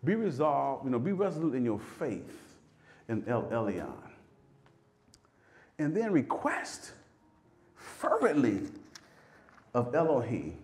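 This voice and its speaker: A man preaching a sermon with fervor, repeating phrases and swinging from loud peaks to hushed lows. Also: very animated, takes it slowly, pauses often, a little hiss or hum.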